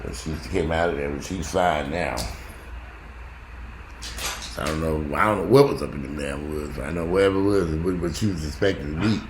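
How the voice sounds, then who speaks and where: A man casually telling a profane, animated story about his dogs in a vlog. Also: extremely low pitch, fairly quick. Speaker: vlogger. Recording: echoey room with faint background noise.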